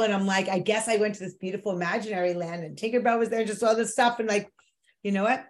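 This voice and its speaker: A woman's voice: mid-range voice, steady tone, quick pace. A woman hosting a wellness talk show, speaking in an encouraging, affirming way and interviewing her guest. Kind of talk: podcast interview, wellness chat.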